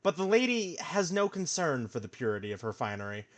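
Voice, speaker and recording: A man's voice: on the high side, big pitch swings, brisk. Man narrating a comic like a storybook. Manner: playful, dramatic storybook narration. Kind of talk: reading a comic aloud on stream.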